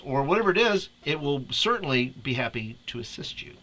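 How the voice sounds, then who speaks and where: Bright-voiced chatty man teaching. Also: mid-range voice, big pitch swings, a little fast, hardly any pauses. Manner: chatty, laughs often, restarts a lot. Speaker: youth ministry leader. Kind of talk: casual screen-share tutorial.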